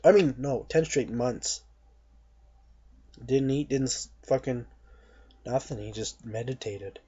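Young man, husky dark voice, profane mocking rant, dull lo-fi recording. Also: mid-range voice, slow. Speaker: vlogger. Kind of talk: ranting monologue to camera.

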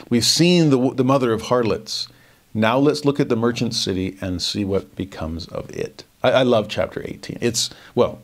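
Male scripture teacher, low voice, reflective, asks rhetorical questions. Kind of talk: verse-by-verse Bible lesson.

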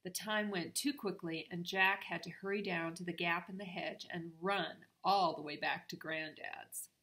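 An older woman, a grandmother, reading a storybook aloud to her grandchildren in a steady, clear way. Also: fairly low pitch, normal speed.

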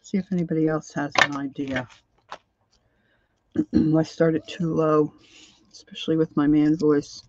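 A woman's voice: low voice, flat delivery, unhurried, long pauses, a little mellow, no room sound, highs cut off. A woman hosting a craft livestream who rambles and thinks aloud as she works, often trailing off mid-sentence. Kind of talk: casual crafting tutorial.

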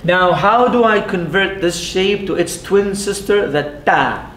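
A man with a high voice teaching a class in an echoey room, with a faint rumble behind him. He is patient, sounds things out slowly and keeps checking in with the students. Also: fairly bright tone. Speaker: Arabic teacher. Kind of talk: classroom lesson. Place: mosque classroom.

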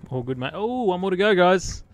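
A man's voice: high-pitched, lively intonation, a little fast, slight background noise. An Australian man livestreaming a shooter game, chatting casually with viewers and calling them mate. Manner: chatty, greets chat viewers by name, says "mate" a lot. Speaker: gaming livestreamer. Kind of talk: casual live commentary while playing. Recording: game gunfire clearly heard behind. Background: game gunfire and explosions.

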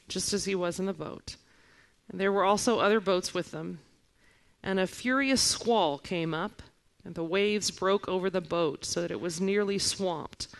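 A woman in her forties preaching a sermon, telling stories and reading scripture with lively expression. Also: lowish voice. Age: 40s. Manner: animated storytelling, reading scripture aloud. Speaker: guest preacher.

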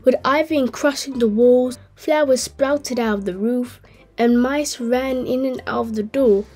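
A woman hosting a channel and reading a children's story aloud in a gentle, clear way. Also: high voice, unhurried. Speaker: host and storyteller.

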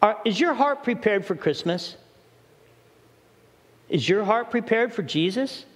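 Male pastor, high tenor, emphatic sermon delivery, echoing sanctuary. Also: lively intonation, unhurried. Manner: preaching with acted prayers and rising emphasis. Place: church sanctuary.

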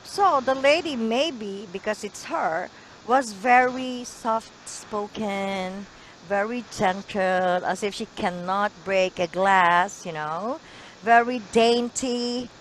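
A woman's voice: medium pitch, slow, a little hiss or hum, poor audio. A woman teaching an English lesson over a video call, encouraging and correcting pronunciation.

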